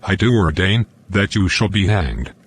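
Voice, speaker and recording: A man voicing a just but nervous, indecisive king who gives commands in an animated story. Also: deep voice, normal speed, slightly rough. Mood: commanding.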